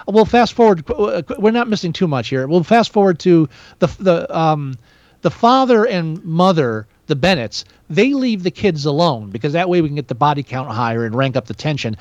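A high, lively male voice rambles through a casual film review, stumbling and restarting as he goes. The sound is dry and a little muffled, like a lo-fi podcast mic. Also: no echo. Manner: rambling, many restarts, animated. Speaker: podcast co-host. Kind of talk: casual movie review chat.

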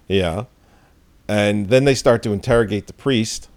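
A man's voice: fairly low pitch, a little slow, darkish tone, no echo. A man co-hosting a podcast in casual chat, laid-back and wry, swearing freely. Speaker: podcast co-host. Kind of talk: casual movie review chat.

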